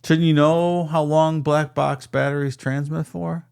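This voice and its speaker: A man's voice: fairly high pitch, level tone, measured pace, vocal fry, a little mellow, clear, resonant tone. A man co-hosting a casual podcast, firing off wry quips and skeptical questions. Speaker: podcast co-host running sound effects. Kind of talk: casual chat.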